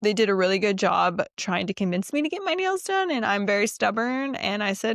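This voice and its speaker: A woman podcast host telling a personal story in a casual, animated and profane way, acting out the quotes, on a close mic. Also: medium pitch, fairly quick, dry recording.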